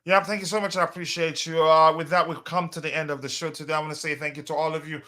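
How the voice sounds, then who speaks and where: A man hosts a casual live stream, reading viewer comments aloud between halting, filler-heavy remarks. His voice is bright and forceful, sitting a little higher than most men's. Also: little pitch movement. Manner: hesitant, many fillers, reads comments aloud. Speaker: host of a fan livestream.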